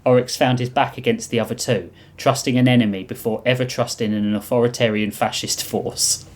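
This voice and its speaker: A man's voice: mid-range voice, fairly even intonation, a little fast. A man on a podcast reading his own comic sci-fi story aloud, often chuckling at his own lines.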